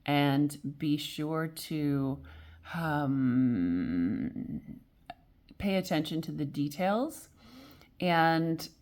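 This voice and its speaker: A woman giving a casual weekly tarot reading, rambling and correcting herself as she goes, gentle and encouraging, with frequent small laughs. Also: deep voice, lively intonation, drawn-out words, long pauses. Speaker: tarot reader.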